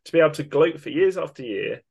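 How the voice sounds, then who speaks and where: A man's voice: a little high, expressive, fast, gravelly, husky. A man co-hosting a football podcast, ranting with emphatic indignation. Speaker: podcast co-host. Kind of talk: opinionated football podcast rant.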